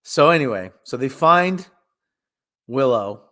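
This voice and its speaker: A man hosting a loose comedy chat, his pitch leaping up and down as he riffs. He mocks characters in quick put-on voices between stretches of plain talk. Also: animated, pushed and bright. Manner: riffing, mocking voices of characters. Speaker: podcast host.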